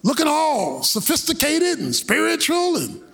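A man preaches with a high, husky voice. He talks slowly and deliberately, with colloquial asides and sudden shouted bursts. His pitch swings widely as he drives each point home. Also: wildly swooping pitch. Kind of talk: sermon.

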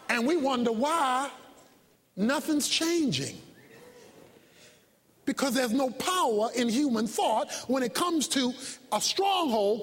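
A man preaching a sermon in a very high voice that leaps all over the place. He shouts key points, then drops suddenly soft and low, and acts out his story with sound effects and rhetorical questions. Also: slightly rough, long reverb tail. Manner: emphatic, swings from loud shouting to soft low asides.

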